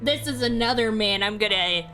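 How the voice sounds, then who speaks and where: A woman co-hosting a casual game playthrough, giggly and animated, reading the game text aloud. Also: fairly high pitch, moderate pace. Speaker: let's play co-host. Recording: faint game music behind.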